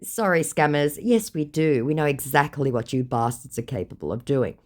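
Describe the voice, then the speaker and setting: A woman's voice: a bass voice, normal speed, a little mellow. A woman reads out a chat with a scammer in sarcastic, mocking casual commentary. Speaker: vlogger exposing scammers.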